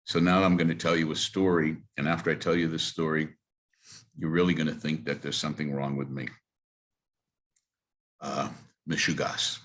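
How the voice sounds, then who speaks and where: A man's voice: a bass voice, flat delivery, moderate pace, long pauses, a bit bright. A man, a rabbi, telling personal stories to a congregation in an earnest, emphatic way. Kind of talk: storytelling talk to a congregation.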